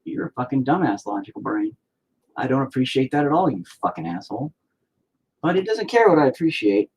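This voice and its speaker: Foul-mouthed man narrating his painting, husky voice with a lively, swooping pitch. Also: fairly quick. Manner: profane, self-deprecating rambling. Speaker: painting vlogger. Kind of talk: casual commentary while painting.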